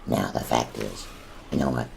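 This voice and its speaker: Man doing a deep gruff hothead, gravelly fry, blustering, snappish, comedic banter. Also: normal speed, darkish tone, slight background noise, exaggerated voice. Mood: irritated. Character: hot-tempered gruff man, easily riled.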